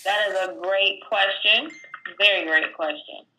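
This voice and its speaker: A woman's voice: medium pitch, a little slow, bright, forceful tone, slight background noise, rough recording. A woman tax professional, a guest, explaining filing rules step by step in a plainspoken, casual way, with fillers. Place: California.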